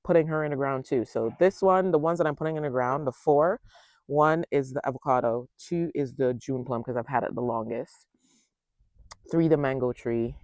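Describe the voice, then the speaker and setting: A man casually walking viewers through his backyard garden, chatting to them directly and thinking out loud as he goes. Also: mid-range voice, normal speed, no echo. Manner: chatty, talks straight to viewers and thinks aloud. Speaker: home gardener giving a tour. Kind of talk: casual garden tour vlog.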